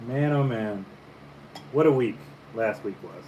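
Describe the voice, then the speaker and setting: A man from the Caribbean, a painter, chatting casually over breakfast in a relaxed, musing storytelling way. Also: lowish voice, measured pace, dull audio. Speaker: painter and vlogger. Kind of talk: casual breakfast vlog chat. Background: faint fan hum.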